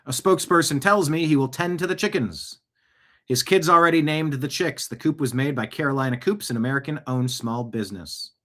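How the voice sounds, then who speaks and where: A man's voice: fairly high pitch, a little fast, bright, forceful tone. A middle-aged man hosting a casual news commentary show, reading posts aloud with chuckles and asides. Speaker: host.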